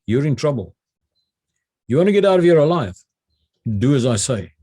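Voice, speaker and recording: A man's voice: mid-range voice, normal speed, mellow, lightly acted. South African man quoting a stern American woman. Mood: commanding. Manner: clipped orders.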